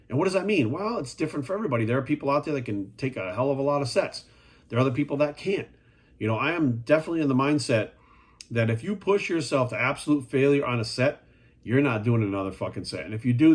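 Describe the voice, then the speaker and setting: A man with a husky, mid-pitched voice talks straight to the camera as a fitness coach. He is blunt, swears freely and hammers his points home with rhetorical questions. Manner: blunt, profane and emphatic. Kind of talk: casual monologue.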